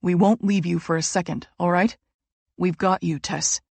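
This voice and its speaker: A woman voicing a protective young man in a romance audiobook, blunt and quick to swear, yet soft and reassuring with those he loves. The delivery is dry and close, with no room around the voice. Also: lowish voice, fairly even intonation, gravelly, no room sound. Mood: soothing. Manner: blunt, swears freely, turns soothing in comfort. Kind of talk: audiobook character reading.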